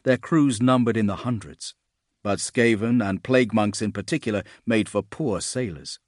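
A man narrates a fantasy novel in a deep, steady voice. His storytelling is measured and even. The recording is dry and close, with no room sound. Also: no echo. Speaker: audiobook narrator.

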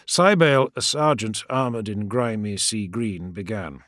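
A man narrating a story in a measured, dramatic storytelling manner. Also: fairly low pitch, a bit bright, dry recording, clean studio sound. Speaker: audiobook narrator. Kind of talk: scripted narration.

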